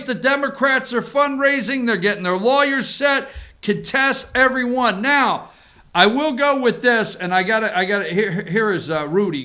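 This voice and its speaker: A man hosting an opinion show, giving casual political commentary in an animated, sarcastic way that swings from loud outbursts to low muttering.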